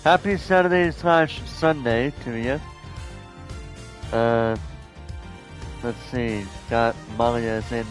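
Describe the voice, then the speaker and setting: A man's voice: mid-range voice, lively intonation, slow pace, pauses often, poor audio. A man streaming a game, chatting casually with viewers in a rambling way, with many restarts. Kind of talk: casual live-stream chat. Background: faint game music.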